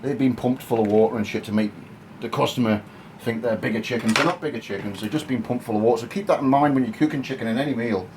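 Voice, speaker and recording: Cheeky crude home cook. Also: male voice, medium pitch, fast talker, noisy background. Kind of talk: casual cooking demonstration. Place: home kitchen.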